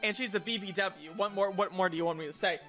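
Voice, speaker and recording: Bright high-voiced young man, stammering. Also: fast, soft background music. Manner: rambling, stammering, crude, mock-outraged outbursts. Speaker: streamer. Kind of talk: casual stream chat, reviewing viewer picks.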